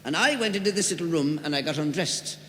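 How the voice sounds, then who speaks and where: A jovial man doing live stand-up comedy, his voice a touch higher than most men's. He leans into each punchline. The sound rings through a large hall with a long reverb and faint noise behind. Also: lively intonation, quick pace, a bit bright.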